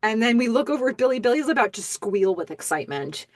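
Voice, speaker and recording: A woman podcast host giving a casual episode recap in an animated, chatty way with many ums. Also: a little high, fast talker, no room sound, studio quality.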